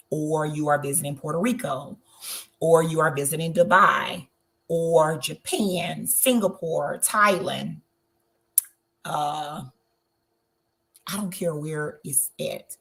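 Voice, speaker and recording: A woman's voice: sits low, creaky. A woman from Southern Georgia with a Southern country accent, giving travel tips in an encouraging webinar talk and checking in often. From Southern Georgia, USA. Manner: encouraging, checks in with "okay?" again and again. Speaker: travel host.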